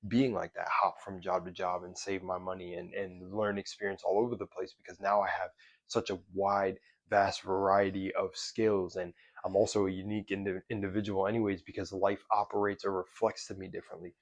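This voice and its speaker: A man's voice: low voice, little pitch movement, a little fast, no room sound, muffled recording. A man vlogger giving casual motivational talk, loose and profane, rambling with restarts as if chatting with a friend. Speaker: self-development vlogger.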